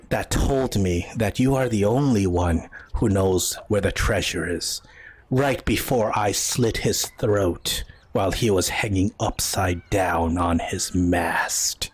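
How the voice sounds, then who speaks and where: A man voicing a vengeful male naval admiral, speaking low, slow and threatening. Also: breathy edge. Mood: menacing.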